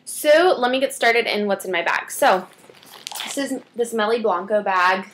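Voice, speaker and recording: A woman's voice: medium pitch, moderate pace, fairly bright tone, slight background noise. Teenage girl, chatty beauty vlogger, rambling asides, casual to camera. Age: teens.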